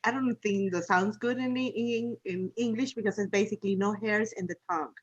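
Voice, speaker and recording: A woman's voice: mid-range voice, steady tone, brisk, slightly rough, dry recording, lo-fi sound. A woman guest on a podcast, chatting casually, laughing easily and searching for her words. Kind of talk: casual conversation.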